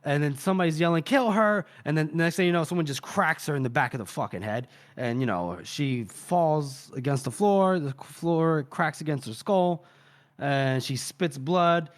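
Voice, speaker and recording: A man co-hosting a podcast who retells a book chapter in a rambling, animated way, swearing casually and filling pauses with "uh" and "you know". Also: fairly high pitch. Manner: rambling, animated, profane, with many fillers. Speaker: podcast co-host.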